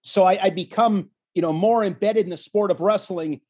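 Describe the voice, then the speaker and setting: Animated storytelling sportscaster man, husky. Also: sits high, moderate pace. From Wisconsin. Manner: animated storyteller, acts out quotes. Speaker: wrestling commentator, guest. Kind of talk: casual storytelling interview.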